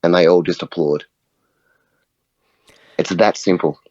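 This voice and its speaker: A very low-voiced man speaks earnestly in a relaxed podcast chat. His stories run along steadily, with frequent little "right?" check-ins. The sound is dry and close but a bit dull and muffled. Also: a little slow, no room sound. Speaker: guest, music facilitator. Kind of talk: conversational podcast interview.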